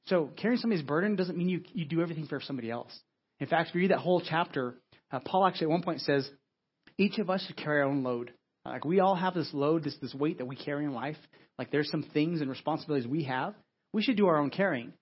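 A man's voice: on the high side, husky, dull audio. A man preaching a sermon as a pastor, speaking in a conversational way and often repeating words as he builds a point. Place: church.

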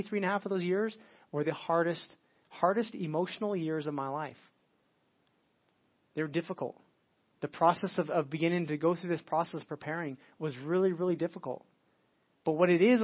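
A man's voice: a little high, husky, dull audio. A middle-aged male pastor preaching a sermon in a casual, conversational way, acting out quoted dialogue.

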